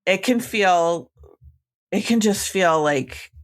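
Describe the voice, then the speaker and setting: A woman's voice: medium pitch, lively intonation, takes it slowly. Chatty, reassuring woman podcast host. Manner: reassuring, chatty, frequent "like" fillers. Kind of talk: casual podcast chat.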